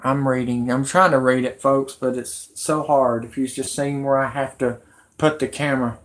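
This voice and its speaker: A man's voice: medium pitch, steady tone, normal speed. Rambling, agitated man ranting on a stream. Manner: agitated, rambling, rising into shouty outbursts. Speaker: live-stream host. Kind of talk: rambling live-stream rant.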